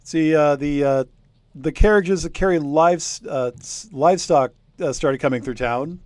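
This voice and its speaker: A man's voice: on the high side, a little slow, dry recording, close to an everyday voice. A man voicing an old village workman. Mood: musing. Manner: rambling folksy storytelling in his own voice. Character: older male village workman telling rumors. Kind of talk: tabletop game character voice.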